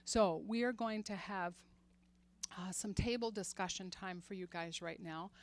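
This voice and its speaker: A woman in her sixties giving an earnest faith talk to a group, laughing often and growing animated when she retells stories. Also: medium pitch, a little slow. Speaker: women's ministry speaker.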